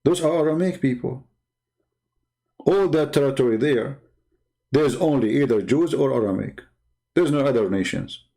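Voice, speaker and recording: An online religious debater delivers an impassioned monologue in a creaky, mellow voice of medium pitch, at a moderate pace with long pauses. He's combative and mocking, growing heated as he goes.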